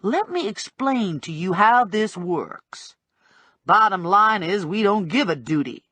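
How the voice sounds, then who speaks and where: A woman voicing a brash, streetwise female bounty hunter who talks in blunt slang with a slow drawl, for an audiobook. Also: mid-range voice, animated, a bit bright, dry recording. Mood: sassy.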